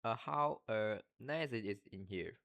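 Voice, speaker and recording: A man reading aloud as a brisk, sensible schoolgirl who speaks quickly and wearily. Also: on the low side, creaky, lo-fi sound. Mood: earnest. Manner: hurried, weary.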